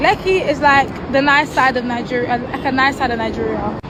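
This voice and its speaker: A young British woman, telling a lively, laughing story in a vlog. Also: sits high, a little fast, a crowd in the background. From United Kingdom. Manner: animated, laughing, dramatic storytelling. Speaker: vlogger. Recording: noisy street background with traffic.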